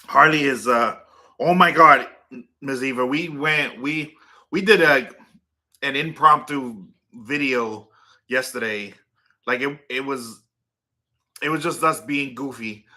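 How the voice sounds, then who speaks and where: A man chats loosely on a livestream, circling back over his words with plenty of "like" and "um" and breaking off to coo at his dog. His voice is very bright and sharp-edged, with a tense, forceful ring, at a middle pitch. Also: slow pace, long pauses. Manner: rambling, filler-heavy, talks to his dog and chat. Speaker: livestream host. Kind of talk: casual livestream chat with viewers.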